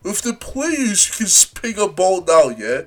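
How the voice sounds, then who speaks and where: A young man co-hosting a casual podcast chat, animated and often laughing. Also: high-pitched, a little slow. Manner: animated, laughing, excitable outbursts. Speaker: podcast co-host.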